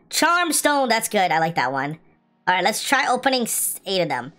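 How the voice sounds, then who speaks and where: A woman's voice: mid-range voice, a little slow. A young adult woman giving casual gameplay commentary, pleading for good loot, complaining and then cheering. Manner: excitable, pleading, complains then shouts with joy. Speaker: gaming video host. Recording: light music in the background.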